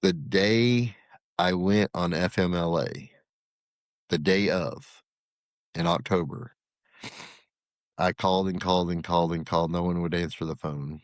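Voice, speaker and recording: A man's voice: deep voice, unhurried, pauses often, no echo, clean studio sound. A middle-aged man, a podcast guest and former corrections officer, telling a story in conversation and acting out the dialogue. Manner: animated, acts out quoted dialogue.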